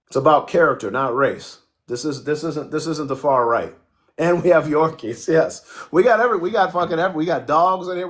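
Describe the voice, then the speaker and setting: A man hosting a casual livestream, joking, swearing freely and answering viewers' comments as they come in. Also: a little high. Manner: profane, joking, reacts to chat. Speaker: livestream host.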